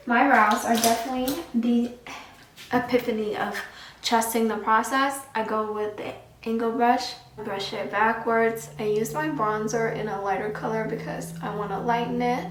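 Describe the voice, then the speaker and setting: A woman's voice: fairly high pitch, reverberant, recorded from a distance, background noise. A woman chatting casually through a makeup tutorial, sassy and talkative. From Houston, Texas. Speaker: makeup vlogger.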